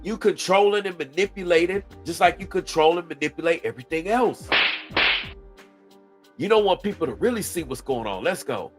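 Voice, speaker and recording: A Georgia man hosts a mocking reaction commentary on a played video, talking back to both the clip and his chat. His voice is high-pitched and brisk with lively intonation, heard over music.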